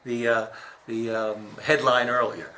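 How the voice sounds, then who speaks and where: A man interviewing a coach, chatting casually and telling rambling stories with halting restarts. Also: mid-range voice, level tone, pushed and bright. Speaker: interviewer and comedian. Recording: echoey room.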